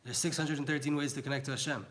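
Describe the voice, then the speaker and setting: A man's voice: fairly high pitch, fairly even intonation, racing, a bit bright. Earnest man teaching a Torah class. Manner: earnest, pleading, conversational. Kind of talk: informal Torah class talk.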